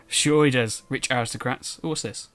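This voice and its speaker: Giggly young male gamer, mid pitch, excitable commentary. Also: normal speed, faint music behind. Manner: excitable and giggly, cooing at animals. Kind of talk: let's play commentary.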